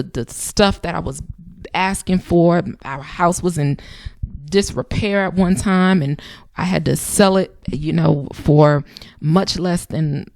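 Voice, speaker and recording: A woman in her thirties hosts a channel, offering casual, emphatic advice conversationally and repeating phrases for effect. Her voice is fairly low, gravelly and a little mellow, recorded at studio quality with no echo.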